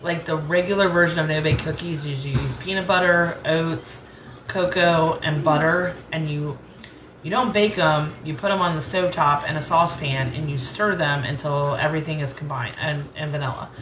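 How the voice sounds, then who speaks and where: This American cooking channel host speaks with a rural Southern accent, rambling casually and laughing easily while she cooks in her kitchen. Her low voice holds a steady tone at a moderate pace. The sound is roomy, and the background is noisy.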